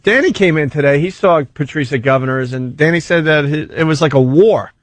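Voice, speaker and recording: A man's voice: on the high side, a little fast, no room sound. Male host, casual, stammers, dry close mic. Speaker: podcast host. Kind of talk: casual chat.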